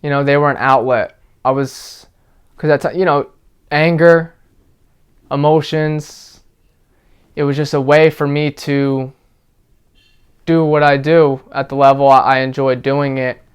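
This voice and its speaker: A young man being interviewed, recounting his experiences in a relaxed, casual way, with lots of fillers like "like". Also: mid-range voice, measured pace, long pauses, smooth. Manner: relaxed, filler-heavy storytelling with frequent "like". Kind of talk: casual personal account.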